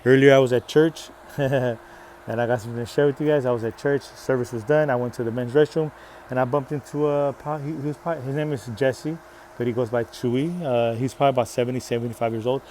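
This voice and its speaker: A man giving a faith-based motivational talk outdoors. He is preachy and energetic, repeats short rallying phrases, and swings between soft and loud. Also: mid-range voice, fast talker, a little hiss or hum. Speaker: motivational vlogger.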